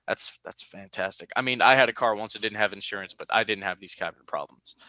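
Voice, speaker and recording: A young man hosting a casual podcast, telling stories with lively jumps into high-pitched quoted voices. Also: fast talker, no room sound. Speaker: podcast host.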